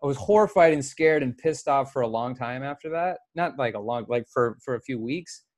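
Animated swearing male podcast co-host. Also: medium pitch, fairly quick. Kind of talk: casual chat.

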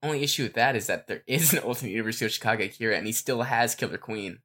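A man's voice: medium pitch, quick pace. Casual man rambling through fan theories. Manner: relaxed, rambling with fillers. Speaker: podcast co-host.

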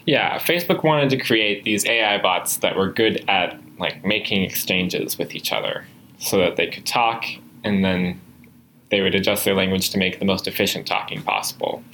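A man's voice: deep voice, moderate pace, bright, forceful tone, slight background noise, low-quality recording. A man hosting a podcast chat, explaining topics in a casual, filler-heavy way. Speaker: host. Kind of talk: podcast conversation.

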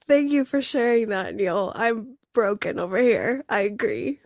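A woman with a high, very lively voice hosts a podcast in casual chat. She speaks slowly, with effusive, emotional warmth toward her guest. The recording is dry, with no room echo. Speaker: podcast host.

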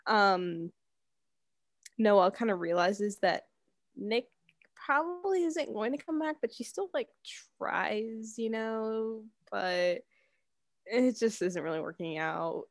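A woman's voice: mid-range voice, no echo, clean studio sound. A young woman co-hosting a casual movie review, fumbling and correcting herself as she recaps. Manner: fumbling, self-correcting, laughs at her own slips. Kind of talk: casual chat.

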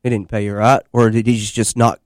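A man's voice: lowish voice, flat delivery, a little fast, no room sound, clean studio sound. A man hosting a podcast, asking a guest easygoing, casual questions. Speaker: podcast host.

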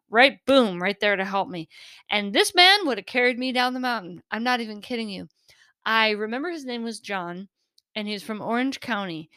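A woman's voice: medium pitch, fairly bright tone, no echo, clean studio sound. A middle-aged woman hosting a podcast, telling a personal story in an earnest, emotional way, laughing now and then. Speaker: podcast host.

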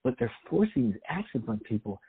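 A man's voice: medium pitch, very animated, brisk, slightly rough. A man co-hosting a podcast, chatting casually and sarcastically about a movie, rambling with wry jokes. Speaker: podcast co-host. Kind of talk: casual movie review chat. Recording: tinny phone-like sound.

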